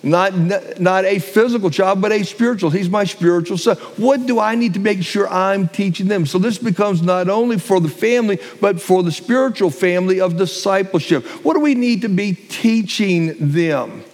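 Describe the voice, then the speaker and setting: A middle-aged man preaching a sermon as pastor, stressing key phrases and repeating them slowly. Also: sits high, darkish tone. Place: church sanctuary. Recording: long hall reverb.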